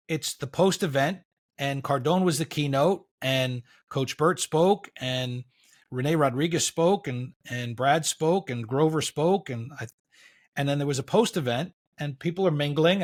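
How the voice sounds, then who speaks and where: A middle-aged man, a podcast guest, telling a story in a casual, animated way and acting out what people said. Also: on the high side, a little slow. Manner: animated storyteller, acts out quotes, says "da, da, da".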